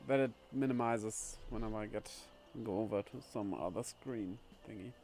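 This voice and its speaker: A man's voice: fairly low pitch, moderate pace, a little mellow, faint music behind. A man casually commenting on his game playthrough, chatty and thinking aloud, often amused. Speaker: streamer.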